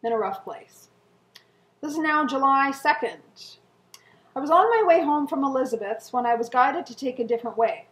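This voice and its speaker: A middle-aged woman reading her old journal entries aloud to viewers in an earnest, emotional way, with soft laughs and sighs. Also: high-pitched, lively intonation, moderate pace. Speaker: co-host. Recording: echoey room.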